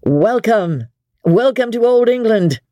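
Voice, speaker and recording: Woman doing young nobleman, jovial, hearty, animated, husky. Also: low voice, normal speed, no room sound, studio quality, heavily acted. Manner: hearty and exuberant. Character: jovial young English lord, hearty and bold.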